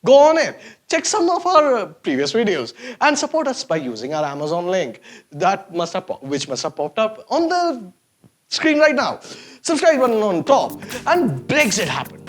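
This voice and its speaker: A man's voice: high voice, wildly swooping pitch, moderate pace. A man hosting a sarcastic, mocking comedy rant to camera. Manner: sarcastic, mocking, exaggerated swings of voice. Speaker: host.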